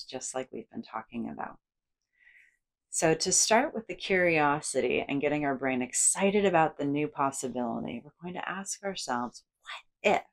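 A woman with a low-pitched voice teaches a guided psychoeducation lesson. Her intonation swoops widely as she acts out the voice of the brain in big, almost cartoonish tones. She speaks as a psychologist guiding the listener through exercises. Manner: animated, acts out inner voices with big playful inflections. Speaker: psychologist and educator.

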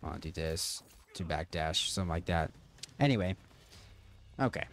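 Male gaming channel host, a touch low-pitched, loose and rambling, stumbling through his own tutorial. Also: expressive, normal speed. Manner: rambling, stop-start, frequent fillers. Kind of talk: casual game tutorial commentary.

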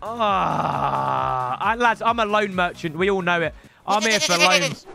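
Young man, gaming commentary, very high voice, lively swings, shouty, game music behind. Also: normal speed. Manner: loud, shouting outbursts, calls viewers lads. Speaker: gaming YouTuber. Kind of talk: excitable gameplay commentary.

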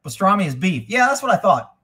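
A man hosting a casual live stream, rambling and swearing freely, getting animated when he retells a story. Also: high-pitched, fast, breathy edge. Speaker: livestream host. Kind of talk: casual livestream chat.

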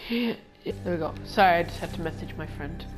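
Excitable woman chatting over game music. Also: fairly low pitch. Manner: excitable, chatty, quick to shriek. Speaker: gamer making a video with friends. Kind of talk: casual gameplay commentary.

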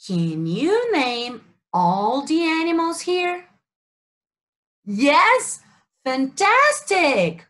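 A woman's voice: high voice, a bit bright. A woman English teacher with a Brazilian Portuguese accent, leading a children's story time and asking simple questions about animals and colors. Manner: slow, exaggerated sing-song questioning for kids.

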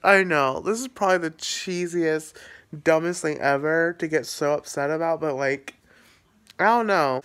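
A man's voice: a little high, moderate pace, a bit bright, clear, resonant tone. A young man talking casually to camera in a vlog, rambling and full of fillers, often laughing at himself. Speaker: vlogger. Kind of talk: casual emotional vlog talk.

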